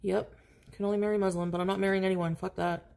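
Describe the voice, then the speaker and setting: A woman's voice: medium pitch, flat delivery, quick pace, gravelly, a little mellow. A woman ranting on a livestream clip, blunt and defiant.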